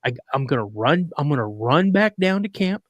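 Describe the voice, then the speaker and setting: A man quoting his father, a war veteran, in a steady and reassuring voice. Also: fairly high pitch, moderate pace, dry recording, muffled recording.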